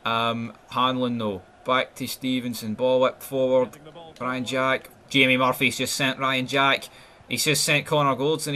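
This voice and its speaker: A young Scottish man doing sweary, excitable mock football commentary over a video game, mumbling asides and yelling at chances. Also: mid-range voice. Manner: excitable, sweary, jumps from mumbling asides to yelled goal calls. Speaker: gaming YouTuber.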